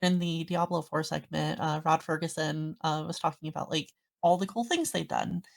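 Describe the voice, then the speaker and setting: A woman's voice: deep voice, steady tone, normal speed, creaky. A woman guest on a podcast, chatting casually and rambling through a story with lots of fillers. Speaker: guest streamer.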